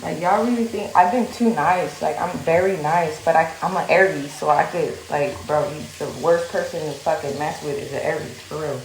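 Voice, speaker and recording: Woman vlogger, low-ish voice, heated profane rant with lots of filler words, echoey room. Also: normal speed, few pauses, a little hiss or hum. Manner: blunt, profane, rambling with many fillers. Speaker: social media vlogger. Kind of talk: heated direct-to-camera rant.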